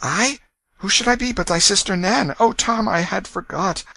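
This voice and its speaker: A man's voice: high voice, moderate pace, gravelly, no room sound, pitched above the performer's own voice, full character voice. A man doing a worried poor young sister. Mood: worried pleading. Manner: pleading, hushed warnings.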